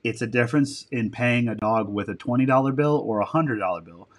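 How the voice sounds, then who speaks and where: This podcast guest, a military dog handler, talks fairly quickly in a medium-pitched voice while telling stories in a casual interview. He tends to ramble, curses casually and fixes his own wording mid-sentence.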